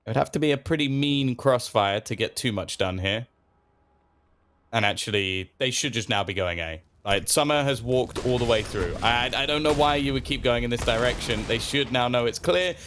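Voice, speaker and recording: A man doing relaxed color commentary on an esports match, analytical and quick to laugh. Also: mid-range voice. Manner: laid-back, analytical, laughs easily.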